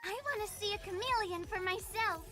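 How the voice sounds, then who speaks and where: Very high, playful game girl. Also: brisk. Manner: playful, teasing. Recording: game voice clip over music. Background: game music.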